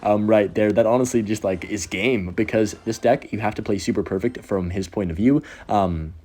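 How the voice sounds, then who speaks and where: A man's voice: fairly low pitch, warm tone. A man giving casual live play-by-play commentary over his own gameplay, chatty and upbeat. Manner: quick, chatty play-by-play with frequent "um" and laughs. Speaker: gaming commentator.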